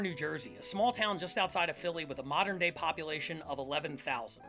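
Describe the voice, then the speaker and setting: A man hosting a comedic history show, narrating from a script with sarcastic, jokey asides. His voice is high and bright. Faint music plays underneath. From Philadelphia area. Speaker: podcast host.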